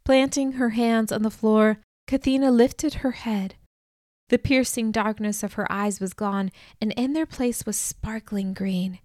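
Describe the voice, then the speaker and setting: A woman reading a novel aloud as first-person narrator, in a measured, even manner. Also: mid-range voice, dry recording, clean studio sound. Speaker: audiobook narrator.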